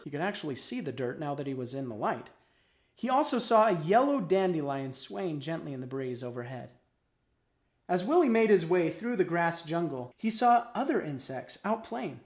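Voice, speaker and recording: A man narrating a children's storybook expressively, with dramatic pauses. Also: on the high side.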